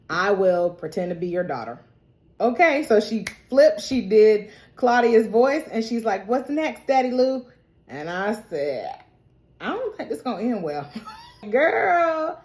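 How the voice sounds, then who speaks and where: A woman with an ordinary mid-range voice runs through a TV episode in a casual, chatty recap. She acts out the characters' lines with sudden leaps in pitch and laughs often along the way. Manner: animated, acts out quoted lines with big pitch jumps. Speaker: TV recap vlogger.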